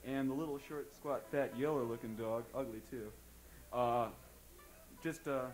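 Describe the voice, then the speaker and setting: Rambling man telling a halting stage joke. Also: mid-range voice, soft background music, low-quality recording. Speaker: comedian. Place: concert stage.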